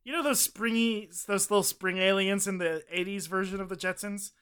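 High, bright-voiced goofy podcast co-host. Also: male voice, fairly even intonation, moderate pace, smooth. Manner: goofy, riffing. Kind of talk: casual chat.

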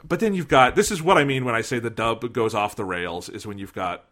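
A man talking in a loose, animated way, often breaking into laughter and playful quoted lines. His voice has a bright, forward edge. The talk is relaxed and conversational. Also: mid-range voice, fairly quick. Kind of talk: casual chat, film discussion.

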